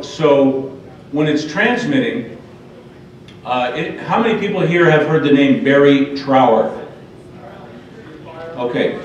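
A man gives an emphatic, impassioned talk at a public forum, speaking straight to the crowd. His voice sits at an ordinary pitch and sounds distant from the microphone. The hall is heavily echoey and the recording is dull. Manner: emphatic, addresses the audience directly.

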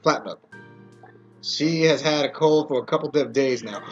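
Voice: medium pitch, normal speed, muffled recording, soft background music. A player reading a game's story aloud and reacting with swearing and laughs. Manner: swears a lot, laughs, animated asides. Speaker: game player.

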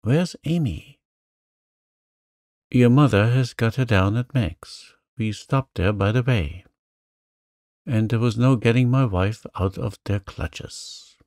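A man's voice: medium pitch, slow pace, darkish tone, no room sound, studio quality. A man voicing a mischievous, charming young man in a storybook reading, playful and coaxing.

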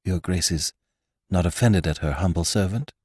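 A man voicing a humbled young actress in a storybook reading, speaking hesitantly in a soft, raised voice. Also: low-pitched, moderate pace, breathy edge, no room sound, clean studio sound. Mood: anxious, pleading. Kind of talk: audiobook character voice.

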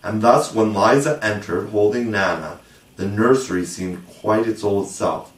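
Audiobook reader: man, measured and gentle, lowish voice, echoey room, mic kept at a distance. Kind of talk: storybook narration.

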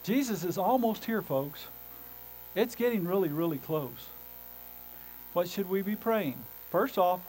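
A pastor preaching a sermon to his congregation in church. He talks with emphasis, moving between loud calls and hushed, low phrases. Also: moderate pace, poor audio. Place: church sanctuary.

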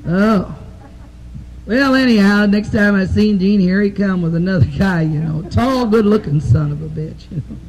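A woman's voice: medium pitch, darkish tone, rough recording. A woman doing bawdy live stand-up, a profane, rambling storyteller who strings jokes together with "I said, he said" and chuckles at her own punchlines, into a stage microphone. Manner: drawn-out "I said, he said" story delivery. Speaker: stand-up comedian. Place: nightclub stage with a live audience.

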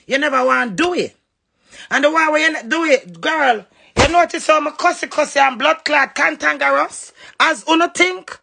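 A woman's voice: high-pitched, moderate pace, creaky, bright, forceful tone. A woman with a Jamaican accent, cussing and scolding in a confrontational livestream rant. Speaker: social media livestreamer.

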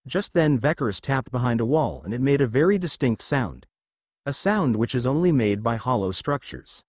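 A man's voice: medium pitch, animated, moderate pace, a little mellow, no room sound, studio quality. A man reading fan fiction aloud as a narrator, telling the story expressively. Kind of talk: scripted fanfic narration.

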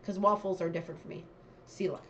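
A young woman vlogger chatting casually, reading quiz questions aloud and thinking out loud about her answers. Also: on the low side, steady tone, fast, a little hiss or hum.

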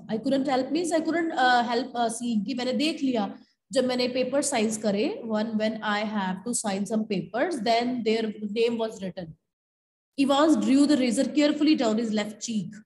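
A woman's voice: a little high, fast, a little mellow, low-quality recording. A woman teacher with an Indian accent, reading a story aloud in class and stopping to explain it to her students. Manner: switches between reading aloud and explaining, calls students "beta". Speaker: school teacher.

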